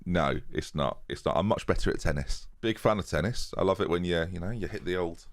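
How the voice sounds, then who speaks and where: A man's voice: sits low, a little fast. A young man commentating on his own football-management game, chatting casually and joking to his viewers in rambling asides. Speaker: gaming YouTuber. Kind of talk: casual let's-play commentary. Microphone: USB desk microphone.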